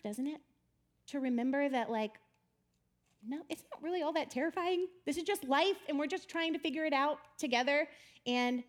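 A woman giving a chatty, animated storytelling talk about faith, often laughing as she speaks. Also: high voice.

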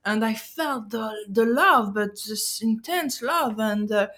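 A woman's voice: on the high side, animated, slow, a bit bright. A woman from France and Algeria, a guest telling a story in casual chat, acting out her own reactions and then searching for words with fillers. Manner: hesitant, many fillers and restarts.

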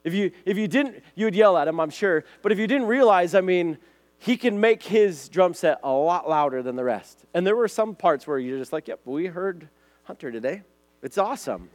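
A man with a high voice preaches to a group of listeners in a relaxed, talkative way. He keeps checking in with quick questions, repeats himself as he goes, and sounds like a friendly youth pastor. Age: adult, has a son. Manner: lively, chatty, repeats words and asks "right?", "okay?". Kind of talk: casual sermon to a group.

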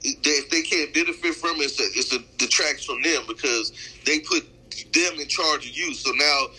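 Husky, bright-voiced man with a Bay Area accent, streetwise casual talk. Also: on the high side, moderate pace, poor audio. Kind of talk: casual chat.

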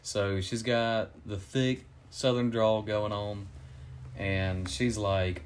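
A man's voice: on the low side, slow pace, a little hiss or hum. Man animatedly retelling a movie plot. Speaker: co-host reviewing a movie. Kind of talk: casual chat.

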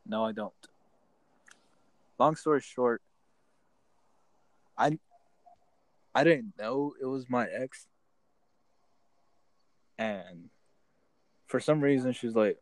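A man's voice: medium pitch, slow pace, pauses often, no echo, low-quality recording. A young man telling a rambling, profane story to his friends in casual chat. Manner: rambling, profane, restarts often.

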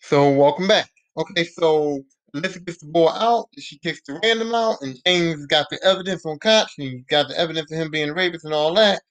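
High-voiced man recapping a TV episode. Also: a little fast, few pauses, no echo. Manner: animated, profane storytelling. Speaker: podcast host.

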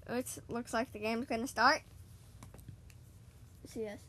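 A woman chatting casually while she plays a video game, excitable and talking straight to her listeners. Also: on the high side, normal speed, long pauses, a little hiss or hum. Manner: chatty and excitable, keeps addressing "guys". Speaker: gaming podcaster. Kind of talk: casual gaming commentary.

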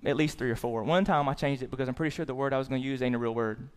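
A male pastor preaching a sermon in an animated way, swinging into loud excited bursts and repeating words as he restarts. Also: mid-range voice, very fast, clear, resonant tone.

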